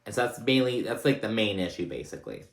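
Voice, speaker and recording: Low-voiced man rambling through a recap. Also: fast. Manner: chatty, rambling with many fillers and restarts; animated when retelling funny scenes. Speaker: reality TV recap host. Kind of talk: casual episode recap. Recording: roomy echoey room.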